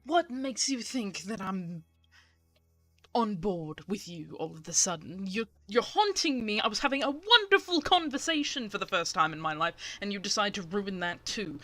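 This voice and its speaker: A woman voicing a sharp-tongued, defiant young woman who answers with sarcasm. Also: medium pitch, sing-song, normal speed, soft background music. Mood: indignant. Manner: sarcastic, indignant.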